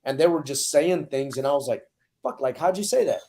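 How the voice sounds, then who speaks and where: Mellow-voiced earnest profane man. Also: mid-range voice, brisk. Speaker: retired sergeant major, podcast guest. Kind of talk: casual chat.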